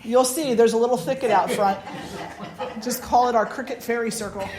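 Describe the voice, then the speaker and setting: A woman leading a satsang as a spiritual teacher, giving an informal talk full of anecdotes, animated and chatty, often laughing and restarting her sentences. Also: on the high side, brisk, noisy background. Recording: roomy echo.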